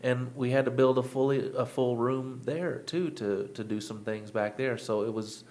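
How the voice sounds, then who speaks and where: A man talking casually as a guest, halting and restarting as he recalls things. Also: mid-range voice, fairly even intonation, a little mellow. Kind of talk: casual chat.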